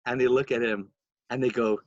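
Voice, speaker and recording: A man co-hosting a podcast, telling a story in a casual, animated way and acting out the quotes. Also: fairly quick, dry recording, dull audio. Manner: animated storyteller, acts out quotes with big pitch jumps. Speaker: podcast co-host.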